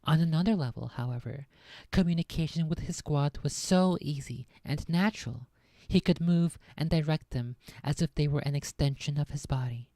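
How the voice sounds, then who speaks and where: A woman's voice: sits low, normal speed, hardly any pauses, dark tone, no echo. A woman streamer reading a science fiction novel aloud, breaking off now and then for chatty, laughing asides.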